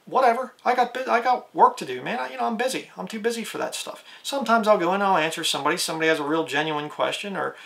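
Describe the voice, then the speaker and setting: A man's voice: high voice, lively intonation, rapid-fire, creaky, few pauses, fairly bright tone. A man preaching a plain-spoken video sermon, reading scripture aloud and asking his listeners rhetorical questions.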